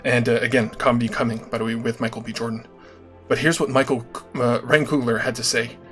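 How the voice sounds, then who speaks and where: A man's voice: mid-range voice, flat delivery, a little fast, fairly bright tone, faint music behind. Earnest man hosting a casual livestream. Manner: earnest, keeps checking in with "right?" and "okay?". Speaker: livestream host.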